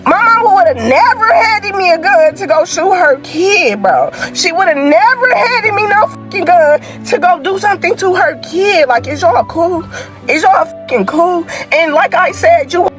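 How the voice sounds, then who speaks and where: Heated young woman, high voice, tearful. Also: animated, normal speed, fairly bright tone, soft background music. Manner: heated, repetitive, profane, emphatic. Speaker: grieving sibling. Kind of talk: angry direct-to-camera rant.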